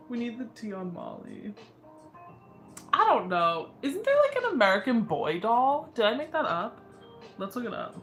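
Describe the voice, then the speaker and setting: A woman's voice: a little high, very animated, measured pace, pauses often, soft background music. A young woman hosting a casual livestream, laughing constantly and squealing her reactions. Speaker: livestream host.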